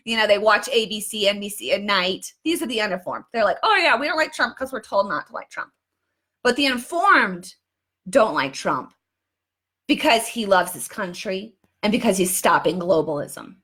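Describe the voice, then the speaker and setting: A woman's voice: fairly high pitch, sharp tone. A woman hosting live political commentary, talking in a fervent rant full of restarts and repeats. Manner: fervent, repetitive, many restarts.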